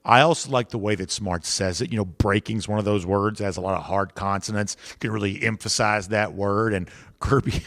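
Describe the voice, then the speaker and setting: A man hosting a sports podcast, talking in a measured, analytical and emphatic way. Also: lowish voice, creaky, dry recording, clean studio sound. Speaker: podcast host.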